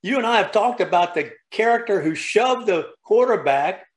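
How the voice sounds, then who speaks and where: Radio host guy, kinda halting with the ums, voice a little high. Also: animated. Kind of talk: casual radio talk.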